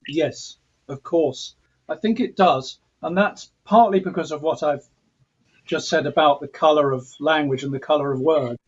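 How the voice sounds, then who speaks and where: A man's voice: on the high side, normal speed, husky, muffled recording. An English man, a composer, talking reflectively in an interview, often restarting and repeating words as he thinks. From England. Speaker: composer guest. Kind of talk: thoughtful conversational interview.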